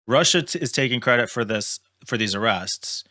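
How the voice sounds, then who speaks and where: A man's voice: medium pitch, animated, moderate pace, bright, forceful tone. A man co-hosting a casual podcast, thinking aloud with hesitations. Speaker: podcast co-host. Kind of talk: casual chat.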